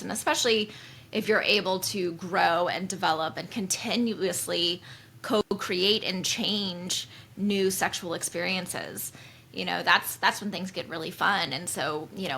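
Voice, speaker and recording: A woman in her forties co-hosting a podcast in casual chat, bubbly and quick to cheer. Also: on the low side, sharp tone, slight background noise. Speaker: podcast co-host.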